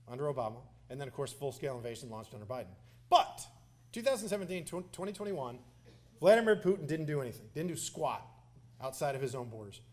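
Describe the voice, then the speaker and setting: Brief: Texan politician, man, slightly high voice, folksy and passionate speechmaker. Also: a little mellow. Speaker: politician speaking at a candidate forum. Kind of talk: campaign speech with anecdotes. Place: civic center hall, live event.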